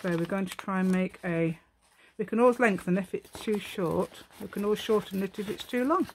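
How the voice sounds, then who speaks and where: Middle-aged woman, craft channel host, relaxed chatty walkthrough, mid-pitched voice, light hiss behind. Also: a little fast. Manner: chatty, thinks aloud, self-mocking, hums and sings to herself. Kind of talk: casual crafting tutorial chat.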